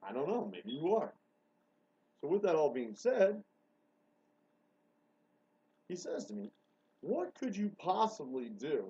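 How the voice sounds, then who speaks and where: A man rambles through a solo show, excitable and foul-mouthed, dropping to mutters and then bursting out loud. His voice is husky and his pitch jumps all over. The recording sounds dull and lo-fi. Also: slow, pauses often. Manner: excitable, swears a lot, swings from mutters to outbursts. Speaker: show host. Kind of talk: rambling monologue.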